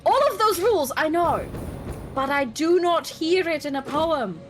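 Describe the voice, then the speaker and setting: A woman's voice: high voice, expressive, a little slow, faint music behind. A woman in her twenties chatting casually on a stream, blunt and ranting, swearing freely. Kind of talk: casual chat.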